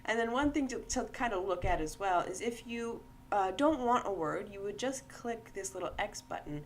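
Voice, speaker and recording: A woman's voice: medium pitch, animated, moderate pace, slight background noise. A woman, founder of a game-making tool, giving a casual screen-share tutorial, chatty and often checking in with "right?".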